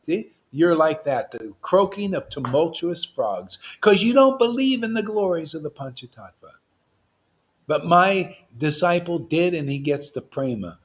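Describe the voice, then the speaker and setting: A man preaching informally to his followers, in a voice that sits a little high for a man. He is animated and provocative, jumping from loud outbursts to near-whispered asides, with frequent laughter. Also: a little slow. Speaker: spiritual teacher.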